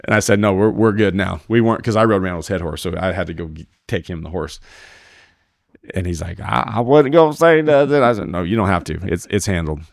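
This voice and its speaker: Gravelly man telling a rowdy story. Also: low-pitched, fast, dry recording, studio quality. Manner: animated, acts out quoted dialogue, swears freely. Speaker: podcast guest, team roper. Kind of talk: casual storytelling.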